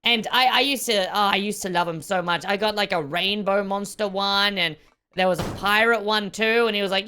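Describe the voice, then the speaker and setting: Excitable woman gaming host, bright voice. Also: mid-range voice, fairly quick, slight background noise. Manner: excitable, exclamatory, often shouting. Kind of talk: excited gameplay commentary.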